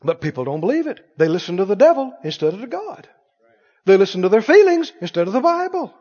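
A male pastor preaches with a strikingly high voice, slipping into voices of doubting people as he makes his points. His sermon rings through a large hall with a long reverb tail. The recording sounds somewhat dull and muffled. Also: sing-song, fast talker, darkish tone.

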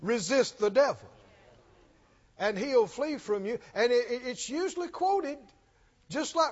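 A man's voice: very high-pitched, animated, measured pace, pauses often. A man preaching a sermon in a church, emphatic and questioning, often repeating his lines. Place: church sanctuary. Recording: dull recording with long hall reverb.

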